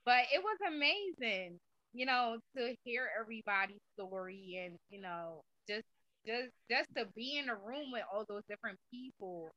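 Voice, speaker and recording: A woman with a bright, slightly high voice, recorded dry and a bit dull. She speaks emotionally, pausing and leaning on fillers. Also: lively intonation, dry recording. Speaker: guest.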